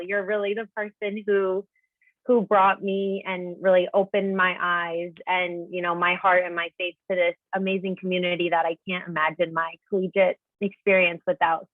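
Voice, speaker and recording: A woman's voice: on the low side, no room sound. A young graduating woman sincerely thanking a friend, heard through tinny call audio. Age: young adult. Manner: sincere, grateful. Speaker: graduating senior. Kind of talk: thank-you remarks.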